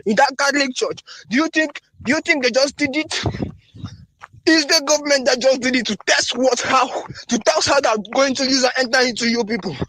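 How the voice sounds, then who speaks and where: A man's voice: very high-pitched, a bit bright, slightly rough. A man from northern Nigeria, making a fervent, pleading appeal in a phone voice recording, hammering the same phrases again and again. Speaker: voice-note caller. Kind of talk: impassioned voice-note appeal.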